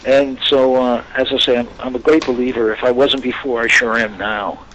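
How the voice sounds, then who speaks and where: An older man, a guest actor, telling lively anecdotes in an interview and acting out the voices of people he quotes. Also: medium pitch, normal speed, slight background noise, low-quality recording. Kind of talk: storytelling interview chat.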